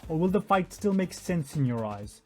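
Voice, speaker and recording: A man's voice: a little high, very animated, moderate pace, mellow, soft background music. A man giving a profane, mocking commentary rant over interview clips. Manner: mocking, profane, does sarcastic impressions. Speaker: YouTube commentator.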